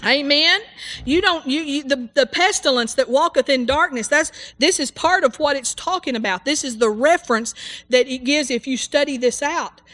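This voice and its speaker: A woman's voice: sits high, moderate pace, a bit bright. A woman preaching a sermon in a fervent, rambling way, full of hallelujahs and amens. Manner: rambling, with restarts and asides.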